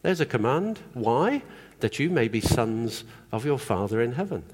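A man preaching to a congregation in a chatty, questioning way, his pitch moving up and down a lot. His voice carries a long reverb from the church hall around him. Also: very animated, normal speed, a little mellow, husky. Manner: conversational, asks the congregation questions. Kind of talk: sermon.

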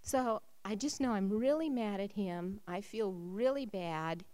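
A woman sharing a personal faith testimony. Her voice rises when she gets excited and drops low when she turns reflective. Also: unhurried. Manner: emotional storytelling, rising when excited and dropping low when reflective.

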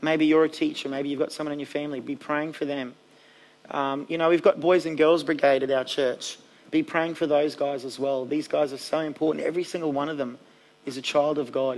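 A man's voice: medium pitch, rough recording. A man preaching a sermon from a church stage as youth pastor, earnest and emphatic, with fillers between his points.

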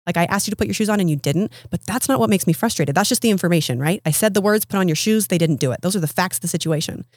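A woman's voice: on the low side, very fast, dry recording, studio quality. A woman in her thirties speaking as a podcast guest, explaining her ideas in an earnest, coaching way. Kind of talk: casual interview conversation.

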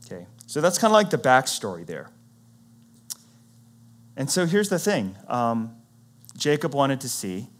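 A pastor with a medium-pitched voice preaches by retelling a Bible story in an animated, conversational way, acting out the characters' lines.

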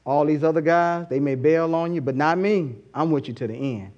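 Peter, a preacher doing a brash, cocky disciple. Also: male voice, on the high side, normal speed, darkish tone, highs cut off, pitched below the performer's own voice, lightly acted. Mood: boastful. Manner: brash, self-assured. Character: boastful, overconfident male disciple Peter.

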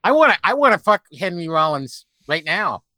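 A man co-hosting a comedy podcast, telling stories in an animated, exaggerated way. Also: high voice, normal speed, no echo. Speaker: podcast co-host.

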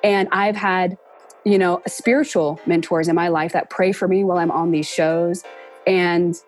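A woman in her forties, a guest in a casual interview, talking earnestly and reflectively and acting out quoted speech with lively pitch jumps. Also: moderate pace, soft background music. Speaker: interview guest, entertainment production professional.

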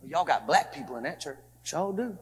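A pastor preaching a fervent sermon in a church, repeating phrases and quoting people in dialogue. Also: male voice, a little high, expressive, normal speed, slight background noise. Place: church sanctuary. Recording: echoey church hall.

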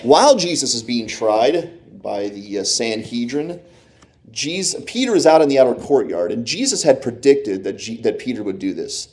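A man teaching from the Bible in a conversational way, retelling scripture stories with animated, casual storytelling. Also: medium pitch, moderate pace.

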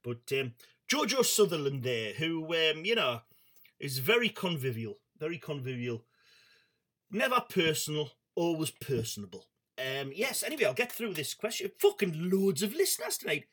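A man's voice: fairly high pitch, sing-song, moderate pace, a bit bright, breathy edge. A middle-aged man, hosting a call-in radio show and rambling in a chatty, sweary way. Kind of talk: casual call-in chat.

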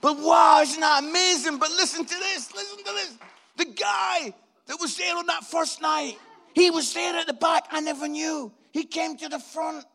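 A man's voice: very high voice, steady tone, moderate pace, gravelly, bright, forceful tone, raised voice. A man, a pastor telling a comic story in a sermon.

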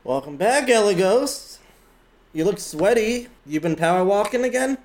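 A man at a tabletop game trades snarky teasing with the table. His voice sits fairly high. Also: expressive, moderate pace, darkish tone. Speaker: player. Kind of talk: casual tabletop play.

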